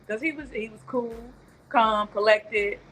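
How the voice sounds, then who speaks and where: A woman's voice: on the high side, a little slow, fairly bright tone, slight background noise, rough recording. A woman guest on a talk show, chatting in a rambling, tender way while remembering her late nephew over a video call. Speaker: guest, aunt of the deceased.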